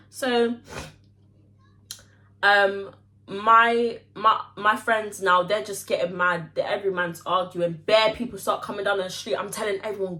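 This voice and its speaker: Bright-voiced young woman. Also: medium pitch, unhurried. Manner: animated, slangy, swears freely. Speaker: vlogger. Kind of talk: casual story time monologue.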